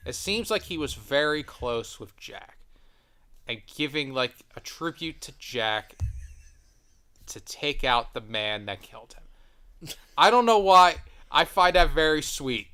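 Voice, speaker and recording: Bright-voiced man asking curious questions. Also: a little high, very animated, slow pace, smooth. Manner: curious, asks lots of questions. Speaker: podcast co-host. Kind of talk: casual chat.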